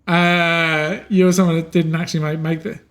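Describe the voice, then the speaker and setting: A man narrating a tabletop role-playing game as game master, casual and quick to improvise. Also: fairly high pitch, little pitch movement, a bit bright. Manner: dramatic monologues for dying characters.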